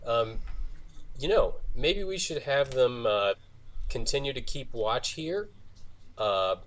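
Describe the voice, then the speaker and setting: A man playing a tabletop game, giving orders in character with many ums and pauses. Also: medium pitch, animated, a bit bright, a little hiss or hum. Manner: hesitant, lots of ums. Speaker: player. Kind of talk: tabletop role-play.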